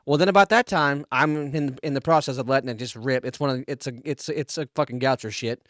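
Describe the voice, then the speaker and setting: A man on a podcast telling a crude, animated story between laughs in casual chat. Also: mid-range voice, fairly quick, dry recording, studio quality. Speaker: podcast co-host.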